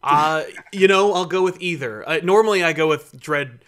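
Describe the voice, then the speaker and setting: Male host, bright slightly high voice, chatty and filler-heavy. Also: moderate pace, clean tone. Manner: casual, filler-heavy, many likes. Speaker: interview host. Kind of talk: casual interview chat.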